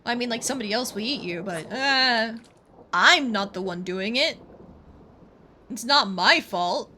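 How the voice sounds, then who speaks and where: A woman's voice: fairly high pitch, lively intonation, moderate pace, pushed and bright, slight background noise. A woman streamer giving playful, chatty commentary while fishing in a game, pleading with the fish. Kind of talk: casual let's-play commentary.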